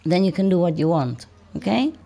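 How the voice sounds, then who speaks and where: A woman's voice: on the low side, big pitch swings, a little fast, creaky, dark tone. A woman spiritual teacher giving casual advice, often laughing and teasing, in broken English.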